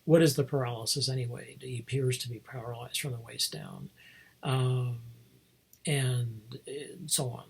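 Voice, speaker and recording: A man with a very husky, breathy voice talks casually as a podcast host, wandering through a film's story. He digresses often and restarts his sentences, at a middling pitch. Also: a little slow. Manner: rambling, digressive, many fillers and restarts. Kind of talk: casual film review.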